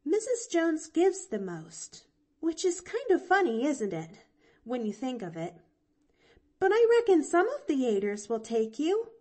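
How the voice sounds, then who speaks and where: A woman's voice: high-pitched, very animated, measured pace, warm tone, pitched above the performer's own voice. Pollyanna, a woman doing an eager little girl. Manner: eager, rambling, breathless chatter. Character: cheerful chattering little girl.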